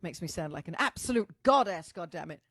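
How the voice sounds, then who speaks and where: A woman's voice: lowish voice, animated, a little fast, a bit bright, breathy edge, dry recording, studio quality. A woman musician hosting a casual livestream. She greets viewers as darling, chats effusively and swears freely while talking into a microphone at home. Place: at home, indoors. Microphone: microphone in front of her.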